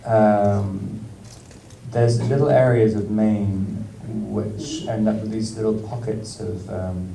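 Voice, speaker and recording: An English actor in casual stage talk at a film Q&A, hesitant, with many ums and frequent laughs. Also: male voice, fairly low pitch, steady tone, takes it slowly, vocal fry, warm tone, far from the mic. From England. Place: large screening hall with audience. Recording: echoey hall, mic from afar, noise.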